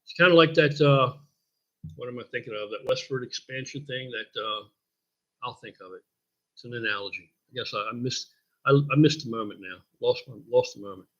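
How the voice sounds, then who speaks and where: Speaking at medium pitch, a little fast and somewhat bright, this older American host rambles through a laid-back live stream, fielding viewer questions with blunt profanity. Sound quality is dull lo-fi stream audio.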